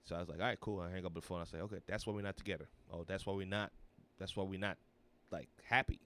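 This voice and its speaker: A man in his thirties, a comedian guest on a podcast, telling a wild party story in casual chat, swearing freely and acting out other people's lines in a raised voice. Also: fast. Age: 30s. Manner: animated, swearing, acts out quotes in a high voice.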